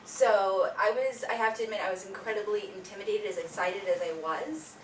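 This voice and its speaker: A woman's voice: mid-range voice, brisk. A woman, a newcomer actress, speaking earnestly and gratefully about the show. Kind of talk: post-show interview. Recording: roomy, from far off, audible noise.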